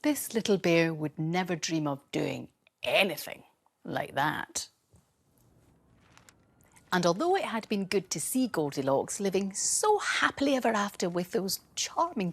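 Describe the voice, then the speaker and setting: Brief: a gentle woman teacher reading a bedtime story, slow and very lively in pitch. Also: husky.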